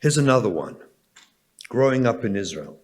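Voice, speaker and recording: A man's voice: medium pitch, very animated, normal speed. An English man, a rabbi, delivering a storytelling keynote address and speaking directly to the audience. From England.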